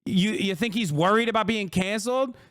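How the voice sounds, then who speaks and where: Male streamer, heated profane ranter, higher-pitched voice, dry close sound. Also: brisk, a bit bright, no room sound. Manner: profane, heated ranting with sarcastic mockery. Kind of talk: live stream commentary.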